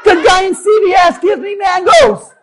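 A man, a pastor, preaching a sermon and telling a personal story with animated delivery that builds to forceful exhortation. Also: extremely high pitch, normal speed, creaky, a faint crowd, poor audio.

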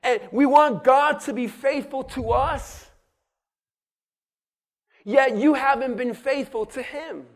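A pastor preaching a sermon, rousing and calling on the congregation to answer him. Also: male voice, very high voice, slow, pauses often. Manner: rousing, calls on the congregation to respond.

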